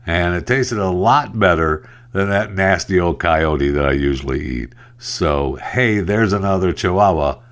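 A man's voice: sits low, a little slow, few pauses, fairly bright tone. A man doing a smug, hungry cougar. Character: hungry male cougar craving chihuahuas.

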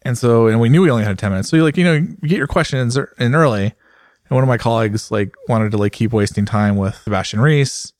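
A man, a motorsport journalist, chatting casually on a podcast and telling rambling, animated stories full of fillers. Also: mid-range voice, quick pace, no room sound, studio quality.

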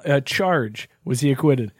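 A man co-hosting a casual sports podcast, jumping in with quick, teasing interjections. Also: mid-range voice, animated, slightly rough, no room sound, clean studio sound. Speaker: podcast co-host.

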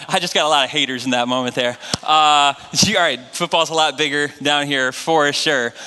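A man's voice: a little high, sharp tone. A man with a New England accent preaching as a guest pastor in a church, casual and joking, full of fillers. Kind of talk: sermon. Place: church sanctuary. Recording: long hall reverb.

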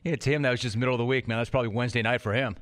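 A man's voice: mid-range voice, fairly even intonation, very fast, fairly bright tone, a little hiss or hum. A man hosting a podcast, asking emphatic questions and often calling the guest by his nickname. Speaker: podcast host. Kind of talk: interview questions.

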